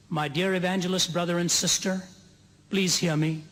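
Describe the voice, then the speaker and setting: A man's voice: sits high, steady tone, a bit bright. Man preaching in an echoing hall. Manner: earnest storytelling, slows for emphasis, builds to soaring climax. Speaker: evangelist preacher. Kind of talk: sermon to a large gathering. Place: large conference hall. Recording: long hall reverb.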